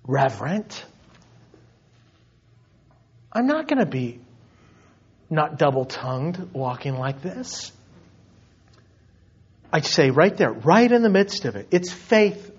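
A man's voice: on the high side, big pitch swings, slow, long pauses, breathy edge, lo-fi sound. A man preaching a sermon, acting out mock voices of complaining believers between points. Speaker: pastor.

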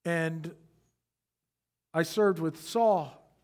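A man preaching a sermon who speaks straight to his congregation with questions and rises from quiet reflection to loud emphasis. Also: a little high, extremely slow. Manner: addresses the congregation directly with questions. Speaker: pastor.

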